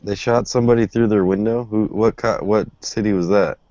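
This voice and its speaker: Male co-host, very low voice, blunt, dry lo-fi sound. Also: fairly even intonation, fairly quick, a little mellow, no room sound. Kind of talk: casual talk show debate. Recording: dry lo-fi stream audio.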